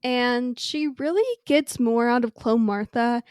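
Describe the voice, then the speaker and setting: A woman's voice: a little high, unhurried, darkish tone, clean tone, no room sound, clean studio sound. A young woman co-hosting a podcast in casual chat, retelling scenes with enthusiasm. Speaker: podcast co-host.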